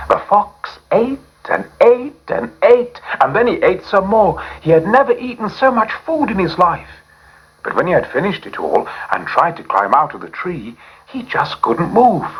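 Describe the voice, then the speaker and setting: A man reading a children's fable aloud with lively emphasis. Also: on the high side, breathy edge, rough recording. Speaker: storyteller. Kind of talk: storybook read-aloud.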